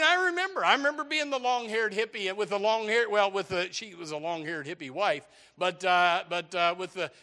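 An older man preaching a sermon, animated and joking, with bursts of shouting. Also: high-pitched. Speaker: pastor.

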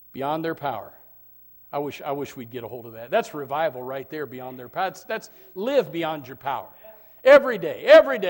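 A man preaching a sermon as pastor, who repeats his words and swings from loud, shouted points to quiet asides. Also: a little high.

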